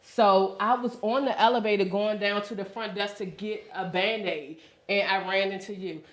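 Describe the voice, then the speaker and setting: A woman's voice: mid-range voice, moderate pace, echoey room. A woman co-hosting a talk show, telling a personal story casually and acting out what people said. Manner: expressive, animated retelling with acted-out quotes.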